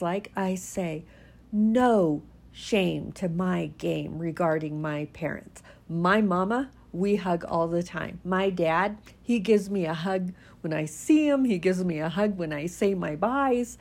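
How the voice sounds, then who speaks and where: A middle-aged woman speaks in a candid personal monologue, her lowish voice carrying a gravelly rasp. She talks in a folksy, emphatic way and laughs easily between her points. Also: darkish tone. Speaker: vlogger.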